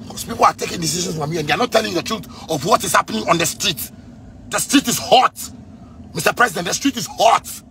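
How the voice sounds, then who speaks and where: A man in his thirties with a Ghanaian accent, ranting angrily at the president, repeating himself and breaking into shouts. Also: sits high, creaky, noisy background. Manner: heated, repetitive, bursts into shouting. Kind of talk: angry rant addressed to the president.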